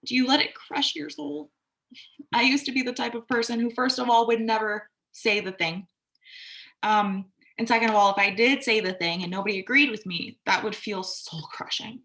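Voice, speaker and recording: A woman's voice: a little high, steady tone, normal speed, pushed and bright. Candid woman talking through self-care advice. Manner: candid, conversational, swears casually and acts out quoted voices. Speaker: astrology and self-care podcaster. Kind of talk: reflective casual monologue.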